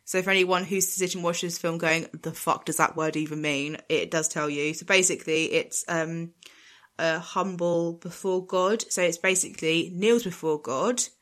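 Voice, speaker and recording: Chatty woman with a lowish voice. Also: moderate pace. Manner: animated storytelling with acted quotes and laughter. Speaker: podcast co-host. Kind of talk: casual chat recapping a film.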